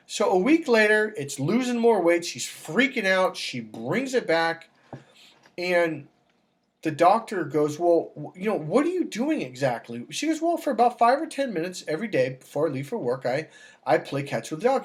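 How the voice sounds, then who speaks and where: A man working as a dating coach, talking casually to camera and telling stories with acted-out dialogue. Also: moderate pace. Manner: animated storytelling, acts out dialogue with raised pitch.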